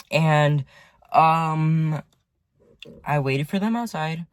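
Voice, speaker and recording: A man's voice: on the high side, normal speed, no echo. A teenage boy telling a casual storytime to his viewers from his parked car, rambling, full of "like" and swearing. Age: teen. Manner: rambling, heavy use of "like", swears often. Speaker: vlogger. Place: sitting in his car at home.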